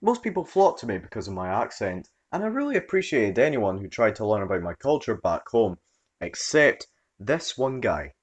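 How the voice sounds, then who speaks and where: Expressive low-voiced male narrator. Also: normal speed. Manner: expressive storytelling read. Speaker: story narrator. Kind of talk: scripted narration.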